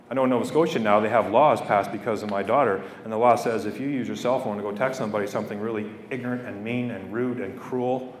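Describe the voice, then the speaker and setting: A middle-aged Canadian man addresses a school assembly in an earnest, heartfelt way, often repeating key phrases. His voice rings out through a big echoey hall. He is picked up from a distance, with a faint hum behind him. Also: medium pitch. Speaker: guest speaker. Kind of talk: public speech to students.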